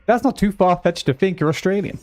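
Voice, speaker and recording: A man's voice: high-pitched, a little fast, a little mellow. Chatty British man streaming a game. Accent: British English. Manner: chatty, easily distracted, playful banter. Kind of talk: casual chat with live chat while gaming.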